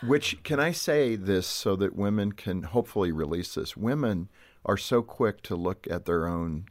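A man's voice: deep voice, animated, normal speed, dry recording. A man hosting a radio interview, asking a couple probing questions and chiming in often. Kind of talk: studio interview.

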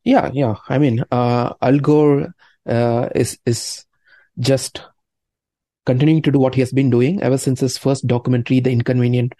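A man who researches environmental science, answering interview questions in a measured, explanatory way with some fillers. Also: medium pitch, steady tone, mellow, dry recording.

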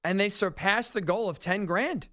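A man's voice: high-pitched, normal speed, bright, forceful tone. A man hosting a sports talk radio show, telling stories with incredulous, ranting energy.

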